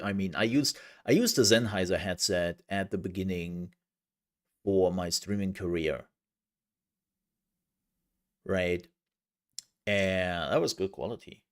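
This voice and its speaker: A man's voice: sits low, a little slow, long pauses. A man streaming a game, chatting casually in a rambling, joking way. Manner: rambling and jokey, with restarts and laughs. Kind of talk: casual live-stream chat.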